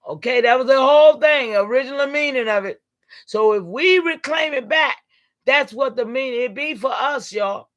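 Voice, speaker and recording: A woman, hosting a livestream and preaching emphatically to her viewers in call-and-response style, sometimes breaking into shouts. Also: high-pitched, moderate pace. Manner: emphatic, repeatedly rallying listeners with "come on, y'all". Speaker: livestream host.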